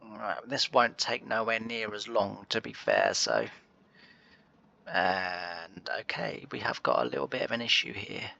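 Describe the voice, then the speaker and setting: A man's voice: on the low side, expressive, a little slow, vocal fry, sharp tone, lo-fi sound. A man giving casual, rambling gameplay commentary on a farming game, full of fillers and asides.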